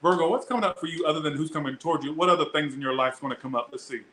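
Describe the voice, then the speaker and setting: A man's voice: fairly high pitch, rapid-fire, sharp tone, echoey room, low-quality recording. A young man doing a casual tarot reading, chatty and blunt, swearing freely as he talks to his viewers. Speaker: tarot reader.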